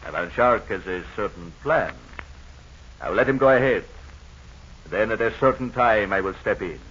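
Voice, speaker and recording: A man's voice: lowish voice, lively intonation, normal speed, fairly bright tone, slightly rough. A man playing a scheming villain henchman in a 1930s radio serial, with a menacing, gloating manner. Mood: cagey. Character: scheming male villain henchman turned rogue. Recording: dull old radio transcription.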